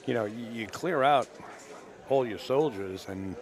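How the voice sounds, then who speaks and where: A man doing play-by-play commentary on a pool match from a commentary booth, relaxed and chatty. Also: medium pitch, a little slow. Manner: relaxed, chatty, wraps up the broadcast. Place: commentary booth at a billiards hall.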